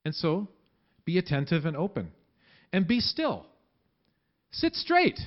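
A man's voice: fairly high pitch, big pitch swings, muffled recording. A man preaching a sermon in a church, talking conversationally and often restarting his sentences. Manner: conversational, halting with many restarts. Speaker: pastor.

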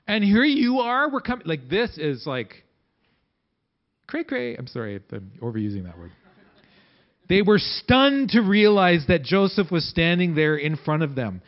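A man preaching a sermon in a conversational way, acting out quotes with big swings in pitch and loudness. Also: sing-song, normal speed, lo-fi sound. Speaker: pastor.

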